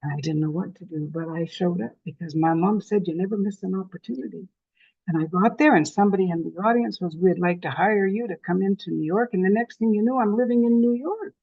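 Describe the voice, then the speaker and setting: A Canadian woman past sixty-five, giving a lively motivational talk and telling her story with self-deprecating humor. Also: medium pitch, fairly quick, gravelly, no room sound, lo-fi sound. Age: over 65. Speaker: conference speaker.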